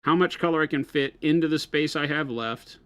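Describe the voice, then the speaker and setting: A man's voice: a little high, brisk, fairly bright tone, smooth, no room sound. A man co-hosting a hobby live stream, patiently explaining technique and checking with "right?" as he goes. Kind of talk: casual live-stream chat and painting tips.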